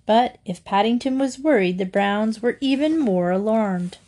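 A woman reading a children's storybook aloud in a gentle, steady storytelling manner. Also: a little high, measured pace. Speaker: storybook reader.

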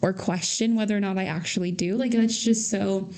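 A woman's voice: mid-range voice, steady tone, brisk, a little mellow. A woman co-hosting a talk podcast, speaking casually and filling her speech with "like". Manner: filler-heavy, says "like" constantly. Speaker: podcast co-host and trainer. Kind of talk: casual chat.

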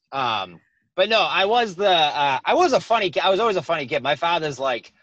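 This man in his 20s has a fairly high voice with big swings in pitch, talking fairly quickly with a slightly bright edge and no echo. As a comedian guest on a casual podcast chat, he rambles in a thick accent, swearing a lot and saying "like" constantly. The sound is dull and lo-fi, as if recorded in a dry, dead room.

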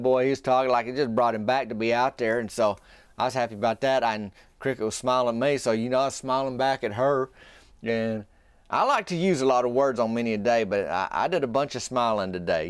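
A man's voice: medium pitch, clean tone, dry recording. A man hosting a podcast, telling a rambling, folksy story in a casual way. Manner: folksy, rambling, drops into a whisper at times. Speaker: podcast host.

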